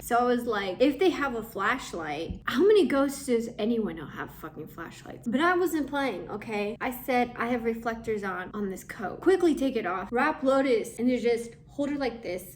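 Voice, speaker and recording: Animated young woman telling a scary story. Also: on the high side, a little hiss or hum. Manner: animated, dramatic, swears, jumps between voices. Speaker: vlogger. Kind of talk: casual storytime while doing makeup. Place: apartment room.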